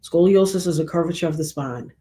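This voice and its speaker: Animated woman preaching to her audience. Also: lowish voice, fast talker. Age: middle-aged. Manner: animated preacherly, acts out quotes. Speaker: show host. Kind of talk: casual commentary monologue.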